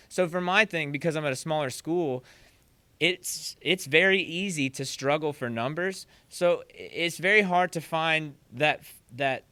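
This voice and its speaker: A young man with a bright, clean voice that sits a little high for a man, chatting casually as a guest on a podcast. He talks with lots of energy and slips into little acted-out voices when he tells a story. The sound is dry and close. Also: clean tone, no echo. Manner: animated storyteller who acts out quotes. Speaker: guest, percussion teacher.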